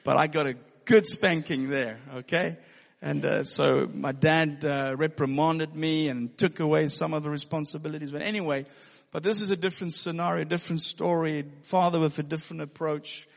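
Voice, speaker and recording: A pastor telling a personal story in a sermon, earnest and given to laughing. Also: male voice, fairly high pitch, fairly even intonation, moderate pace, vocal fry. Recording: long hall reverb.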